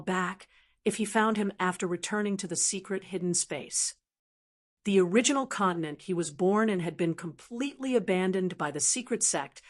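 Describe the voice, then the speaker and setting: A woman narrating an audiobook in a steady, plain reading voice. Her pitch sits in the middle range.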